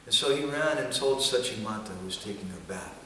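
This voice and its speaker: Male seminar speaker, gentle storyteller, mid-range voice; distant mic in a very echoey hall with faint ambience. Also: mid-range voice, lively intonation, brisk, a little hiss or hum. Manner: gentle storytelling, occasional chanting. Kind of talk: storytelling sermon.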